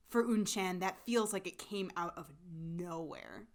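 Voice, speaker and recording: A woman's voice: medium pitch, very animated, normal speed, few pauses, fairly bright tone. A woman co-hosting a podcast, talking through a drama in casual, emphatic chat full of fillers. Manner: chatty, many fillers, emphatic. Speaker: podcast co-host.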